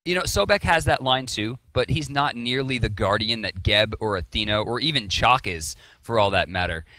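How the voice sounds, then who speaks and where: A man's voice: mid-range voice, expressive, moderate pace, bright, forceful tone, no room sound. A man casting an esports match, confident and analytical, with playful exaggerations. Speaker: esports caster. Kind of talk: analytical commentary.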